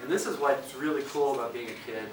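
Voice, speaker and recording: A man's voice: mid-range voice, fast. Man, Minnesota accent, children's puppeteer, playful questions, roomy hall, far from mic. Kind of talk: school performance talk to children. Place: elementary school room. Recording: echoey room, distant mic, guitar behind.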